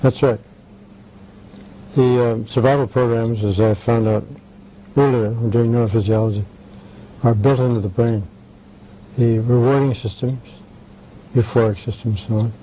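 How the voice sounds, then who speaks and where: An older man being interviewed, telling anecdotes in a halting way with many "right"s and "uh"s. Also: medium pitch, mellow, slight background noise, rough recording. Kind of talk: conversational interview.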